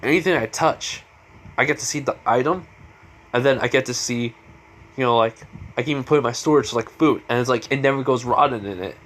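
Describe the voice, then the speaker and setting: A man's voice: medium pitch, brisk, fairly bright tone, a little hiss or hum, natural voice. A man voicing a hopeful teenage boy who wants to be a hero, read plainly in his own voice. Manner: plain, lightly read dialogue.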